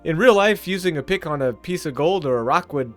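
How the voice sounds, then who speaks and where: A male gaming YouTuber talking through his playthrough, earnest and a little rambling. His voice is somewhat high for a man, with soft music playing faintly behind him. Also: expressive, fairly quick. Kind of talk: Minecraft let's play commentary.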